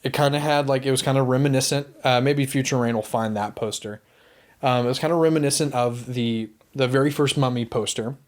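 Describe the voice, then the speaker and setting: A man co-hosting a podcast, chatting casually about movies in a rambling, animated way, swearing and acting out quotes. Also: medium pitch, fairly quick. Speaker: podcast co-host.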